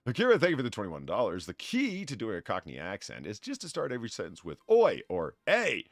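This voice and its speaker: Guy hosting a podcast, animated voice that jumps around, laughs a lot, dry close mic. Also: fairly low pitch, quick pace, creaky, no echo. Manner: laughing, stammering restarts. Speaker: podcast host. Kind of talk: casual chat, reading donations.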